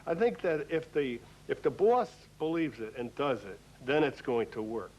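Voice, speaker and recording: A man's voice: medium pitch, animated, moderate pace, darkish tone, slight background noise. An older man who runs a store, speaking earnestly in a folksy, storytelling way about managing people. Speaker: store owner. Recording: dull lo-fi film audio.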